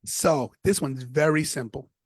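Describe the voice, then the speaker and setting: A man from New York, a podcast guest, telling stories in an animated, casual way. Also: a little high, a little slow, dry recording. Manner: animated storyteller. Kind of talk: casual interview.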